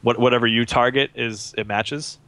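A man with a gravelly, creaky voice complains about a game in an animated way. He laughs between points on a casual gaming podcast chat. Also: medium pitch, moderate pace.

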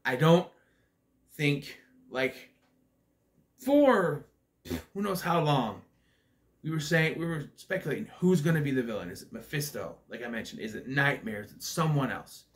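Male reviewer, slightly high voice, opinionated and blunt, casual ranting delivery with fillers. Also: lively intonation, normal speed, long pauses. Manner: loose, with fillers and restarts. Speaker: movie reviewer. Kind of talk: casual spoken movie review.

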